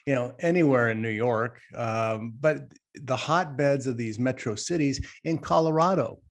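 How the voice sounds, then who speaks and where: A man of middle pitch co-hosts a casual podcast discussion. He talks emphatically and rambles, piling point on point and turning to speak straight to the audience. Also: normal speed. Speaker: podcast co-host.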